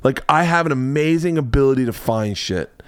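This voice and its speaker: A man's voice: medium pitch, moderate pace, clear, resonant tone, no echo. A man podcast host telling a story with big energy, acting out quotes and swearing freely. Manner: loud, excitable, acts out quotes, swears a lot. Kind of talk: animated storytelling. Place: home studio, man cave.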